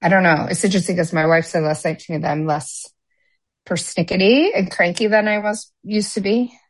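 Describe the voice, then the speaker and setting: A woman with a somewhat low voice chatting casually on a podcast. She rambles, loops back and restarts her thoughts with plenty of fillers. The sound is dry and close with no room echo. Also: steady tone, a little fast. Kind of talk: casual chat.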